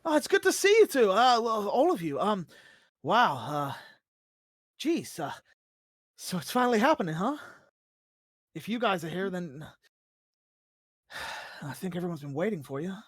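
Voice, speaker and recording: A game master doing a nervous, halting soldier. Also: medium pitch, big pitch swings, no room sound, studio quality. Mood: flustered. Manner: hesitant, halting, full of fillers. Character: nervous male ally soldier.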